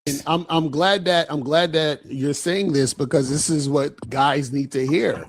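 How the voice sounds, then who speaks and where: A man leading a panel discussion, talking in an animated way and quoting other people's words. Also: fairly high pitch. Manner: animated, quick asides, quotes others' talk.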